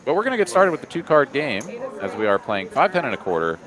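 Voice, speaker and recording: A man's voice: medium pitch, sing-song, fast talker, a crowd in the background. A man, commentating a live poker cash game in a laid-back, drawling way with frequent fillers.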